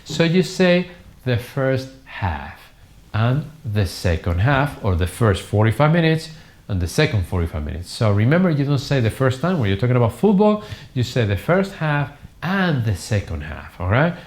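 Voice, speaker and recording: A man's voice: mid-range voice, sing-song, normal speed, darkish tone. A middle-aged man whose first language is Spanish, teaching a live online English lesson in a classroom and drilling words with emphatic repetition. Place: classroom with whiteboard.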